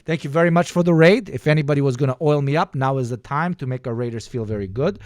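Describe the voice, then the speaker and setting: A man's voice: medium pitch, quick pace, no room sound, studio quality. A man streaming casual commentary over news clips, sarcastic and swearing, joking between remarks. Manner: sarcastic, swearing, jokey asides.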